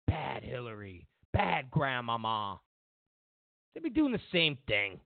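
Man, political commentary host, lively swooping pitch, mocking tone, tinny phone-like dry sound. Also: takes it slowly, creaky, no room sound. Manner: mocking, sarcastic, repeats lines for emphasis.

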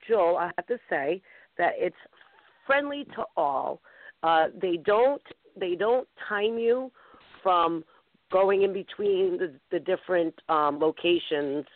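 A woman's voice: lowish voice, no room sound. Enthusiastic woman host on a phone line. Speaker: talk show host. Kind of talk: casual call-in chat. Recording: tinny phone line, dry.

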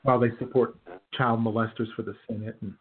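A man's voice: mid-range voice, flat delivery, fast, husky. A man co-hosting a podcast in casual chat, sardonic and chuckling, with lots of fillers. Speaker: podcast co-host. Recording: phone-like narrow band.

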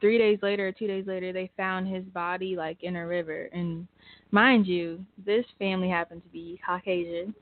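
A woman co-hosting a casual podcast, presenting a topic with many pauses and filler words. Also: on the low side, steady tone, dry recording. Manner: hesitant, lots of filler words. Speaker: co-host. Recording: phone-like thin sound.

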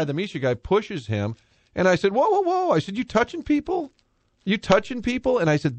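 A male sports radio host telling a story. He talks in an animated, sometimes heated way, and his voice sits at a middle pitch. The sound is dry and close. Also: no echo. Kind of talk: casual sports talk.

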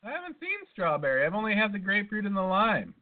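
A man's voice: sits high, very animated, fast. A man co-hosting a podcast, telling a long rambling story in casual chat, full of swearing and asides. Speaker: podcast co-host. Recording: tinny phone-like sound.

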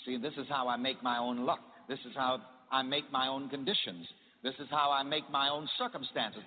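A man's voice: a little high, in a large hall, phone-quality sound, slight background noise. A man preaching a sermon in call-and-response style, having the congregation repeat his lines.

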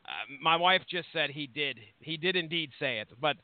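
A high-pitched man in his thirties, talking in a loose, rambling way and cursing often. He comes through a thin, phone-like line with no room sound at all. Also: normal speed, smooth, dry recording. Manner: rambling, swears freely. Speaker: podcast co-host. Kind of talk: casual profane chat. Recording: tinny phone-like line, dry.

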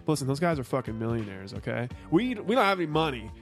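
A man's voice: mid-range voice, big pitch swings, fast talker. Male podcast co-host, casual and profane banter, faint music bed. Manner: loose, swearing, joking banter. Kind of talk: casual chat.

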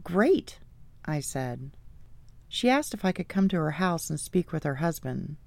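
A woman's voice: deep voice, lively intonation, normal speed, creaky, darkish tone, no echo. A woman reading her own memoir audiobook, telling an earnest, faith-filled story.

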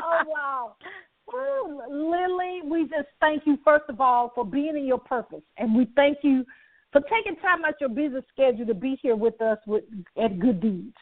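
Effusive high-voiced woman host, phone line. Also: lively intonation, moderate pace, no room sound. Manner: effusive, repeats phrases, laughs often, preacher-like emphasis. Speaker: talk show host. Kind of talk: enthusiastic broadcast outro.

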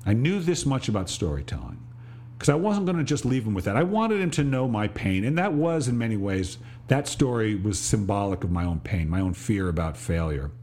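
A middle-aged man and podcast host telling a reflective personal story, slowing on details and restarting phrases. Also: on the low side, lively intonation, darkish tone. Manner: reflective, pauses and restarts, slows on vivid details.

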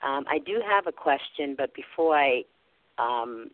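An earnest woman calls in over a tinny phone line and talks about her faith. She speaks haltingly, fills her pauses and restarts her sentences. The sound is dry and close. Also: very deep voice, animated, dry recording. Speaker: caller.

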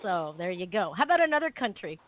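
A woman's voice: fairly low pitch, big pitch swings, fast, no echo. A woman from the Philippines co-hosting a casual talk radio show, giggling as she tries out holiday greetings. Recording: tinny phone-line sound.

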